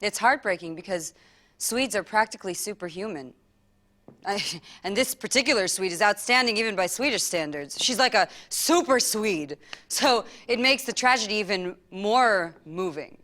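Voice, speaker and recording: A woman's voice: mid-range voice, moderate pace. Theatrical woman telling a comic story. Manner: theatrical, animated, laughing asides. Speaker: storyteller performer.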